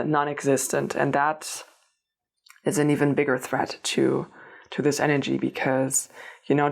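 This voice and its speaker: Low, flat-voiced woman reading tarot. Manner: meandering, many restarts and fillers, addresses listener directly. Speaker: tarot reader. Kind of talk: unscripted spiritual reading to camera.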